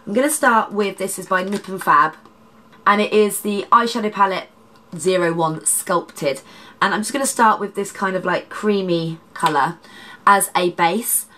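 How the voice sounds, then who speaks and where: A woman, a makeup artist, chatting through a makeup tutorial with a congested, nasal, slightly husky voice and rambling asides. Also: mid-range voice, moderate pace, pushed and bright, slight background noise. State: congested, nasal from hay fever.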